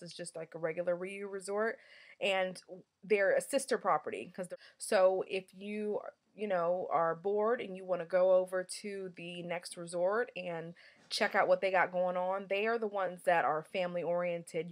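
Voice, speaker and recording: Casual woman reviewer, lowish voice, candid and playful, loose and chatty. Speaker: travel reviewer.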